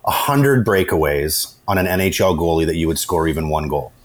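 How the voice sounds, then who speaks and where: A man's voice: a bass voice, expressive, a little fast. A man co-hosting a podcast, bantering about sports, firing off pointed questions and swearing casually. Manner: joking, profane, asks pointed questions. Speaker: podcast co-host.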